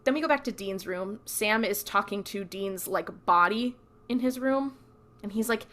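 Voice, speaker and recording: A woman's voice: medium pitch, moderate pace, fairly bright tone. A woman co-hosting a podcast, casually recapping TV episodes in a chatty storytelling way and acting out the characters' lines. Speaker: podcast co-host.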